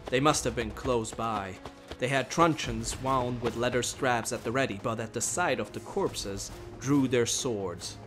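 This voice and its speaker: A man's voice: medium pitch, music in the background. Man narrating a fantasy tale. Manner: measured, steady storytelling. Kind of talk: dramatic audiobook narration.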